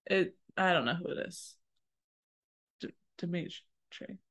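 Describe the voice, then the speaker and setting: A woman's voice: lowish voice, slow pace, fairly bright tone, husky. A woman co-hosting a casual chat, reacting with questions, guesses and jokes. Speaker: podcast co-host hearing the book.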